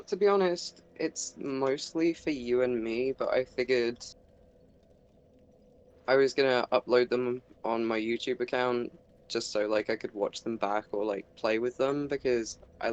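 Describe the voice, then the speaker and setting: A man's voice: mid-range voice, smooth, lo-fi sound. A man chatting casually over voice chat while playing a video game, laughing often. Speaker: channel host and gamer. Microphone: desktop mic on voice chat.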